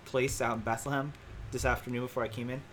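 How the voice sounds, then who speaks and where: A man's voice: medium pitch, level tone, fast, fairly bright tone, soft background music. A man on a podcast, telling loose, profane stories in casual banter with friends. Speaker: podcast co-host.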